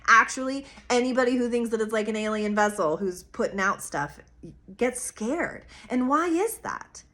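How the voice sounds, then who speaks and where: A woman astrologer giving a weekly forecast in a musing, earnest and expressive way, with casual slang and soft laughs, at times speeding up. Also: on the high side. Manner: earnest, musing and expressive, with bursts of quick talk.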